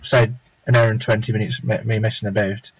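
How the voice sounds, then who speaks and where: A man's voice: fairly low pitch, level tone, fairly quick, slightly rough, no room sound, rough recording. A young man chatting casually and rambling as he draws live on stream, muttering to himself now and then. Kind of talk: casual chat while drawing.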